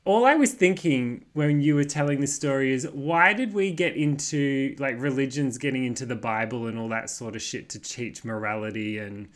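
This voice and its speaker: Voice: medium pitch, moderate pace, hardly any pauses. A co-host chatting casually, rambling with many fillers and swearing. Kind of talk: casual chat.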